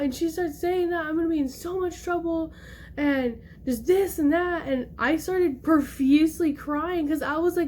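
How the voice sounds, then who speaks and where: A young woman vlogger telling a personal story in casual talk, animated and acting out the voices she quotes. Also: sits high, normal speed, slight background noise.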